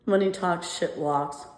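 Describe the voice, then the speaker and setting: A woman's voice: fairly low pitch, a little mellow. Rambling woman venting in an echoey room. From United States. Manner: rambling, repeats phrases, laughs nervously between lines. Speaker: vlogger. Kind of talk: emotional personal rant. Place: apartment at home.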